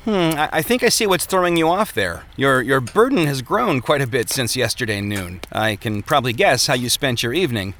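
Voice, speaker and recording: A man voicing a cheerful, gentle male preacher who speaks kindly and stammers a little. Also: medium pitch, expressive, fairly quick, few pauses, a little hiss or hum, lightly acted. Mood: kindly urging.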